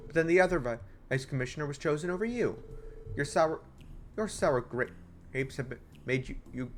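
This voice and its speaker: A man's voice: fairly high pitch, lightly acted. A man voicing a haughty, scornful wife. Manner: cutting, lecturing, stumbling over words while reading. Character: haughty middle-aged wife, sharp-tongued and scornful. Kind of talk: reading game dialogue aloud in voices.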